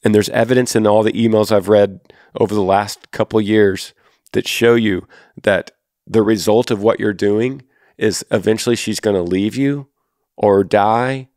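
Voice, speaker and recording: This faith-based advice podcast is hosted by a Texan man in his thirties whose voice sits on the low side, with fairly even intonation, normal speed, and a slightly mellow quality. He talks earnestly and directly to a listener in a dry, studio-quality recording.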